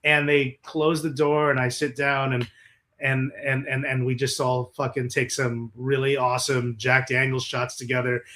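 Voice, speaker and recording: A man's voice: medium pitch, normal speed. A man being interviewed as a guest musician, telling stories casually with lots of swearing and acted-out quotes. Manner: animated, profane, acts out the quotes in his stories.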